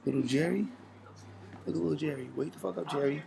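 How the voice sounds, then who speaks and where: A man filming himself waking his roommates in an apartment, loud and taunting, repeating himself and swinging between shouting and muttering. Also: a little high, fast, creaky, pauses often, crowd noise, poor audio. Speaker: roommate filming a wake-up prank. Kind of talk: loud profane teasing vlog. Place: apartment indoors. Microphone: handheld phone camera.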